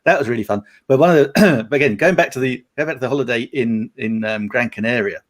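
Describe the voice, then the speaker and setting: A man's voice: medium pitch, fast talker. A middle-aged man from England, chatting on a live panel and telling anecdotes with frequent laughter. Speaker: panel guest. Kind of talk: casual chat.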